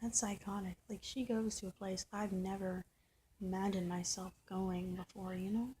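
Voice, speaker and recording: A woman's voice: mid-range voice, little pitch movement, normal speed, warm tone, a little hiss or hum. A woman talking straight to camera in a personal vlog, venting and often restarting and repeating her words. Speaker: vlogger.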